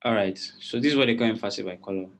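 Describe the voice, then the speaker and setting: Speaking very fast in a fairly low voice, a man teaches a live online design class. He walks through things step by step and keeps repeating questions to make sure his students understand.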